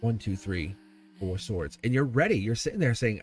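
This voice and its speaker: A middle-aged man hosting a live tarot stream, rambling and animated, laughing often as he talks. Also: on the low side, moderate pace, soft background music.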